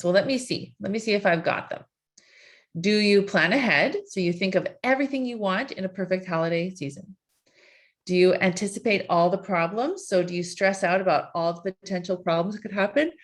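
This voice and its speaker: A woman life coach leading a live online session, asking repeated coaxing questions in a conversational way. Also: lowish voice.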